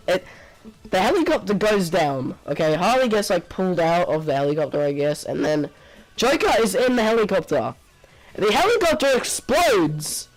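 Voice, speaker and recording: A man's voice: fairly high pitch, rough recording. A man giving a casual spoken movie review, rambling and exasperated, packing his talk with filler words.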